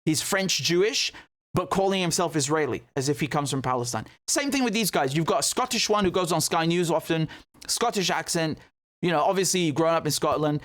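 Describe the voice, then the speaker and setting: Male political commentator, fairly high voice, sarcastic and combative, reacting to clips. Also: brisk, a bit bright. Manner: indignant and sarcastic.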